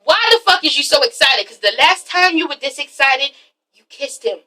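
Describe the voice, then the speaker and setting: A woman's voice: high voice, animated, normal speed, sharp tone, recorded from a distance. A woman mimicking a jealous, angry young man in a confrontational, profane way while recapping a show.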